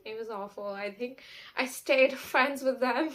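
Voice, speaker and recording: A woman's voice: a little high, unhurried, a bit bright. A young woman talking to camera in a casual vlog, sassy and candid, swearing freely and filling her talk with "like" and "you know.". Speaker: vlogger.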